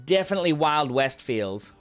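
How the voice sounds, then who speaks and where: A man's voice: a little high, animated, normal speed. A man streaming a game, reading its dialogue aloud and adding chatty, joking asides over game music. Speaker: gaming streamer. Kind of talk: gameplay commentary.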